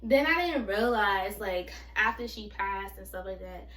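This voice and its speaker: A woman's voice: mid-range voice, expressive, measured pace, fairly bright tone, echoey room, recorded from a distance, rough recording. A woman in her twenties telling a personal story in a candid, rambling way, with many fillers and restarts. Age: 20s. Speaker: vlogger.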